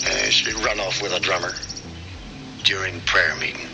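An actor playing a sinister fake preacher in a 1950s film, speaking in an unctuous, sermonizing way. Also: male voice, sits low, fairly even intonation, moderate pace, vocal fry, heavy background noise. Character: sinister smooth-talking fake preacher, grown man. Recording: old film soundtrack with music.

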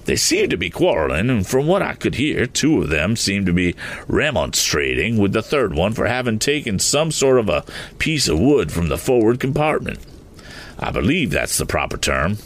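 A man voicing an excitable, eccentric gentleman motorist who rambles and keeps exclaiming fussy oaths in a storybook reading. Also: on the low side, normal speed. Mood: rambling.

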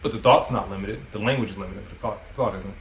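A man's voice: on the low side, fast talker, roomy sound, a little hiss or hum. A man hosting a podcast, giving a motivational monologue in a coaching, preachy way and swearing freely. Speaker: podcast host.

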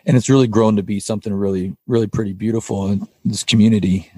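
A man's voice: fairly low pitch, steady tone, fast, mellow, breathy edge, dry recording. A man, a podcast guest, candidly telling a personal story in an earnest, rambling way, with frequent restarts. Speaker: podcast guest, band vocalist.

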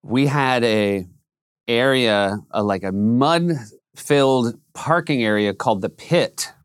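A man chatting casually as a podcast guest, joking and animated. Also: mid-range voice, slow, clean tone, no room sound, clean studio sound. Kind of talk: casual chat.

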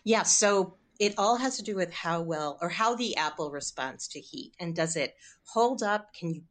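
A woman guest on a studio radio show talks with enthusiasm, filling her explanations with small ums and you-knows. Her voice sits a little low for a woman. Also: lively intonation, moderate pace. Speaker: cookbook author guest. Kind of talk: radio interview.

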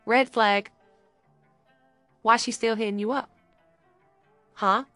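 A young woman co-hosting a studio podcast, lively and animated as she acts out quick scenes. Her voice sits at a middle pitch, recorded close and dry with faint music underneath. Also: dry recording. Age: young adult. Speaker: podcast co-host. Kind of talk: casual podcast chat.

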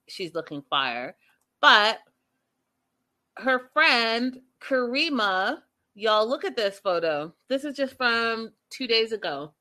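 Bright-voiced gossipy woman recapping. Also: fairly high pitch. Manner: gossipy, animated, laughs often, addresses viewers as y'all. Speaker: reality TV recap host. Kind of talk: casual chatty recap.

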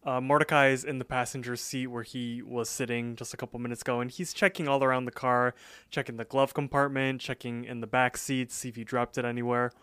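Smooth-voiced man recapping a cartoon. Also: medium pitch, little pitch movement, fairly bright tone, no room sound, studio quality. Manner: retells scenes, quoting characters in quick asides. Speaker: podcast co-host. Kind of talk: casual episode recap.

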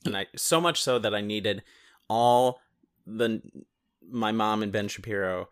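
A man's voice: fairly low pitch, unhurried, clean tone. A man co-hosting a casual movie chat, joking crudely and acting out characters. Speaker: podcast co-host.

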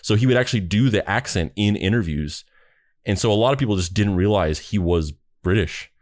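Low-voiced, chatty male co-host. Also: animated, a little fast, no room sound, studio quality. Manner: thoughtful, chatty, laughs easily. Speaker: podcast co-host. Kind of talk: casual podcast chat.

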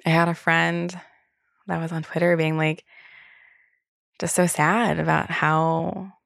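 She speaks slowly in a deep, creaky voice that is flat yet fairly bright, recorded clean in a studio with no room sound. The young solo podcaster keeps things loose and frank, full of "like" fillers and the odd curse.

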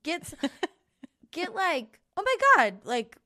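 A woman with a fairly high voice, riffing playfully in a casual podcast chat. She rambles through silly ideas and laughs often. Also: sing-song, takes it slowly, sharp tone. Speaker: podcast co-host.

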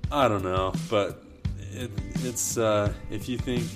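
A man's voice: lowish voice, takes it slowly, loud music behind the voice. A young man casually telling a long, funny personal story on a podcast. He laughs often and restarts his sentences a lot. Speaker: storyteller guest.

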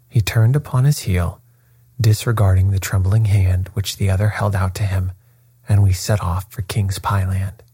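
A man narrating a first-person story aloud in a measured, unhurried reading. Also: low voice, steady tone, warm tone, husky, no room sound. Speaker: audiobook narrator.

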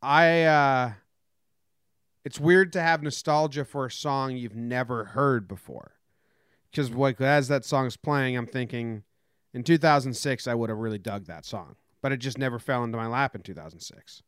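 A man co-hosting a casual talk show, wry and animated, mock-singing snippets as he talks. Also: mid-range voice, normal speed, clear, resonant tone, no room sound, clean studio sound. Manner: wry, animated storyteller, mock-sings bits. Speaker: podcast co-host. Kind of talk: casual chat.

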